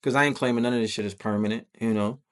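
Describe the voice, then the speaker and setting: A man's voice: on the low side, steady tone, racing. A man hosting a podcast, telling a personal story in loose, slangy, profane conversational talk. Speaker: podcast host.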